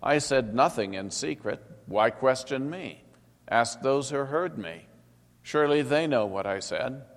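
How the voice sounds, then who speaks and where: A man voicing a composed teacher who speaks calmly, measured and firm. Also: medium pitch, pitched above the performer's own voice. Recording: long hall reverb.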